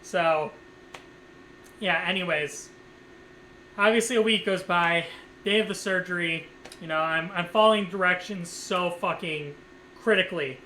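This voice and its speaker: A man's voice: high-pitched, unhurried, long pauses, bright, forceful tone, a little hiss or hum, poor audio. A man vlogger telling a casual story time, rambling with lots of fillers and swearing freely.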